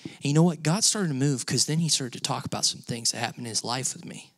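A man's voice: medium pitch, fast talker, no room sound, clean studio sound. Storytelling male pastor preaching a sermon. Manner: storytelling, conversational, rising to emphatic peaks. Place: church sanctuary.

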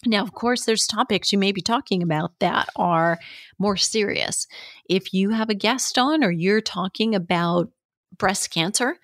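A woman's voice: medium pitch, no room sound. A middle-aged woman hosting a podcast, giving upbeat coaching advice from a home studio. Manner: upbeat, coaching, demonstrates warm-ups. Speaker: podcast host and fitness educator. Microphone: studio mic.

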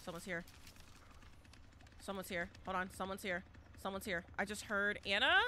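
A woman streamer giving chatty, excitable live commentary as she plays, now and then breaking into loud shouts. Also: mid-range voice, moderate pace, a little hiss or hum.

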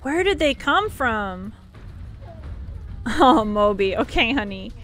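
A young woman streaming a shooter game, chatty and excitable, laughing often and talking to her viewers. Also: a little high, faint music behind. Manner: excitable, chatty, quick to laugh, talks to chat. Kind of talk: live gameplay commentary.

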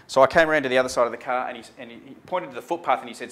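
Aussie bloke telling a story on air, medium voice, chatty, acts out the dialogue. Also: male voice, medium pitch, rapid-fire, hardly any pauses, fairly bright tone, a little hiss or hum. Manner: acts out dialogue, conversational with frequent ums and "mate". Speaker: speaker recounting a traffic stop. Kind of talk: animated spoken storytelling on air.

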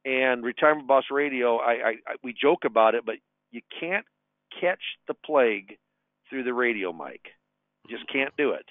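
A financial advisor and radio show host from Nebraska chats upbeat on a webinar, repeating words as he goes. His medium-pitched voice is animated at normal speed, coming through a phone line with tinny, dry audio.

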